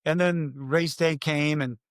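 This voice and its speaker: An older man with a fairly high voice tells his story in an interview, bursting into loud announcer calls as he acts them out. The sound is close and dry, with no room around it. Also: fairly even intonation, slow pace, dry recording. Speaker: race announcer guest.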